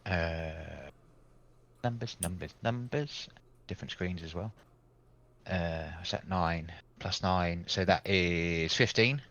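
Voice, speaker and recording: A man's voice: low voice, steady tone, takes it slowly, fairly bright tone, a little hiss or hum. A man playing a tabletop game, casually describing his character's moves in third person. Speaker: player. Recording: dull lo-fi dry mic.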